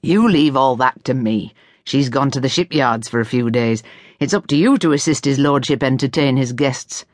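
A woman voicing a stern, ambitious middle-aged butler in an audiobook, firm and measured. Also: extremely low pitch, no echo, studio quality.

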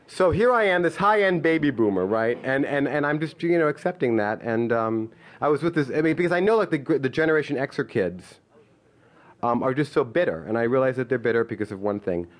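A man's voice: medium pitch, expressive, a little fast. Male comedian in his fifties, stand-up storyteller; rambling, stop-start delivery with plenty of "like", self-mocking and playful.

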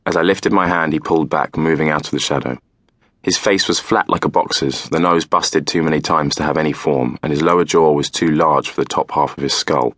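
A man narrating a novel in the first person, calm and measured. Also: a bass voice, no room sound, studio quality. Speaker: audiobook narrator.

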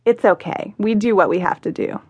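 Sassy male hotel bartender as a woman reads him, affectionate, teasing, slightly raised pitch, audiobook. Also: fairly quick, darkish tone, slightly rough, no echo, close to an everyday voice. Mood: consoling. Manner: sassy, affectionate, calls her honey.

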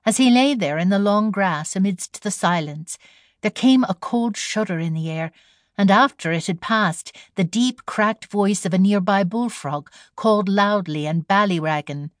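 A woman narrates a storybook in an unhurried, even reading voice. Her pitch sits in the middle of the range, and the recording is close and dry, with no room around her. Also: no room sound. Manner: storytelling read with voiced characters. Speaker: audiobook narrator. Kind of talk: scripted narration.

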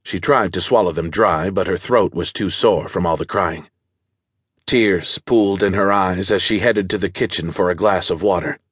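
Low-voiced male thriller narrator. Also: normal speed, breathy edge, no echo, clean studio sound. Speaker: audiobook narrator.

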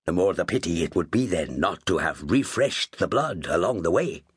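A man's voice: low voice, expressive, normal speed, breathy edge, dry recording, studio quality, full character voice. A man voicing a jovial, rambling Irish sea captain in an audiobook, with an Irish accent and a teasing manner. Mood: easygoing. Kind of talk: audiobook character voice.

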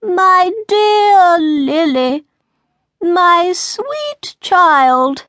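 Woman doing a chess queen, high shrill storybook voice, slow and dramatic, frantic, dry close sound. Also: expressive, fairly bright tone, no echo, full character voice. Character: fussy frantic White Queen chess piece.

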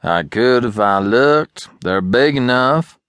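A man voicing a stolid farmhand in an audiobook, talking with slow, cool sarcasm. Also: medium pitch, expressive, a bit bright, clear, resonant tone, dry recording, studio quality, voice pushed up. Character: big stolid farmhand turned cool and dangerous. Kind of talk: audiobook character voice.

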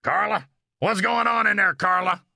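A male narrator voicing a jealous, hot-tempered sheriff who calls out loudly through a house. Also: high-pitched, moderate pace, creaky, dry recording, clean studio sound, voice pushed up, heavily acted. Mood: calling. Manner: calling out, then roaring.

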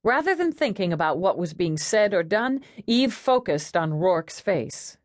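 A woman narrating an audiobook in a wry, expressive storytelling manner. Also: on the low side, a little slow, no echo, clean studio sound. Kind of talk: scripted narration.

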